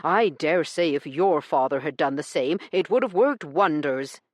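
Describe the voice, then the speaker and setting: A stern, blunt gentleman, read by a woman narrator, who lectures and needles with dry sarcasm. The voice stays low and firm yet moves a lot in pitch. It is recorded close and dry, as in an audiobook booth. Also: lively intonation, normal speed, dry recording. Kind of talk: audiobook character reading.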